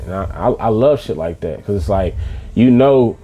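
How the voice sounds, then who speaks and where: A man speaks in a low, mellow voice. He talks loosely and emphatically as an interview guest, full of slang and restarts. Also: brisk, a little hiss or hum. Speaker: interview guest, music manager. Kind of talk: casual interview talk.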